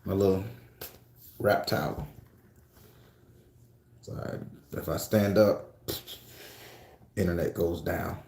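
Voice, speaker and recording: A man chats on a livestream from a room at home, swearing freely and joking as he reads out viewer comments. His voice is mellow and warm, and the room adds a noticeable echo. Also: low-pitched, fairly even intonation, slow pace, vocal fry, long pauses. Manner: loose, profane, joking storytelling. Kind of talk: casual livestream chat.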